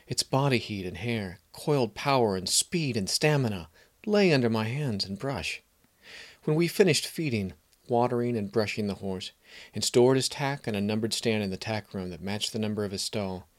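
A man narrating a fantasy story in a measured, even storytelling manner. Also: lowish voice.

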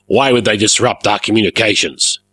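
A man voicing a gruff, blustering male airship pirate captain who barks his orders, in a storybook reading. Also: on the low side, fairly quick, sharp tone, dry recording. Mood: barking.

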